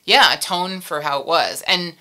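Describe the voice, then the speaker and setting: Bright low-pitched woman chatting animatedly. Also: normal speed. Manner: animated, laughs often, trails off mid-sentence. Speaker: puppeteer guest. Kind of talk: casual interview chat.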